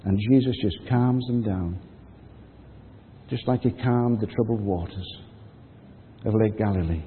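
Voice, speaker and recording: In this sermon, the preacher speaks a little slowly in a voice on the low side, narrating the story in a conversational way and performing the quotes. The sound is phone-like with long hall reverb and a little hiss or hum.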